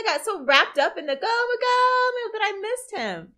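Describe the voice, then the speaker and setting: A woman streamer giving casual, animated reaction commentary and answering viewer comments as she goes. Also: extremely high pitch, normal speed, few pauses, low-quality recording. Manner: chatty, reads viewer comments aloud, animated.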